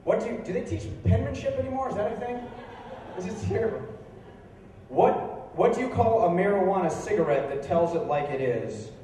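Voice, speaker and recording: A young man performing stand-up comedy, telling stories in a deadpan way that jumps into incredulous high outbursts. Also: brisk, a little hiss or hum. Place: bar venue with a live audience. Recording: echoey room recorded from far off.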